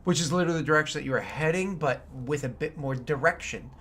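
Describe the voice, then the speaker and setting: A man's voice: a little high, fast talker, fairly bright tone, slight background noise. Easygoing male game master narrating.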